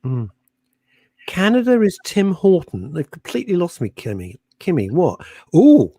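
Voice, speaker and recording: A man's voice: on the high side, huge pitch swings, normal speed, mellow, no room sound, studio quality. A man co-hosting a radio show, telling rambling stories with a lot of laughter. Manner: laughing, chatty storyteller. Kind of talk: casual radio chat. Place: radio studio.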